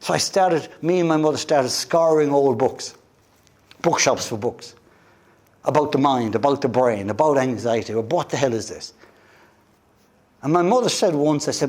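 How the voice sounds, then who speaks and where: An Irish man gives a motivational talk, telling his own story with plenty of energy and acting out the voices of the people in it. His voice sits a little high for a man, and it swings widely and expressively up and down as he talks. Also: moderate pace. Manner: animated storyteller who acts out quoted voices. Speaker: guest speaker at a wellness event.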